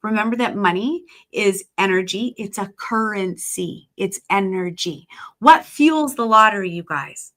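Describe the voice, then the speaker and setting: A woman, a guest psychic telling stories in a casual podcast chat, animated and acting out the people she quotes. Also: mid-range voice, measured pace. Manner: storytelling, animated, acts out quoted voices.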